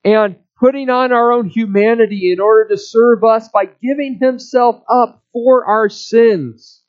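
A man preaching a sermon, explaining a passage verse by verse in a slow, measured way. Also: extremely high pitch, steady tone, muffled recording. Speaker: pastor.

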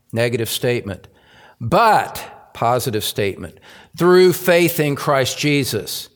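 Slow, deliberate male preacher. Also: a little high, big-room sound. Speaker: pastor. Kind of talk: sermon.

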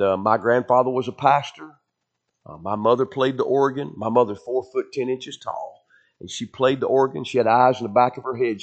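A middle-aged man preaching a revival sermon in a church, telling his own story in an earnest, conversational way with repeated phrases. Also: mid-range voice. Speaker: pastor. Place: church sanctuary.

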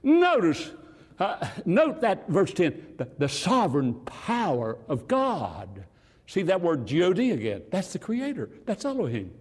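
An older man preaching a sermon in a church, animated and swinging between loud and hushed passages, with a husky voice. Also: high voice, measured pace, long reverb tail.

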